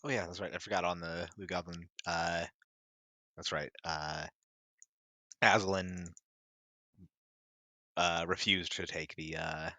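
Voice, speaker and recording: A player chatting casually, slow and often laughing. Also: low voice, level tone, bright, forceful tone, no room sound. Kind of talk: casual game chat.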